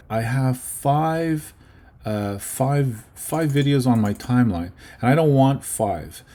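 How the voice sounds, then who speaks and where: A man's voice: medium pitch, animated, slow, music in the background. A man teaching a casual lesson on video editing, chatty and often checking in with his students. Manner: chatty, checks in with okay and right.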